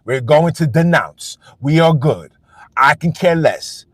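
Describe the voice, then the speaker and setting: A man's voice: fairly high pitch, animated, slow, a bit bright, slightly rough, no echo. A man hosting a live stream, delivering a blunt, defiant and profane rant that hammers the same phrases over and over. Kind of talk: ranting monologue on a live stream.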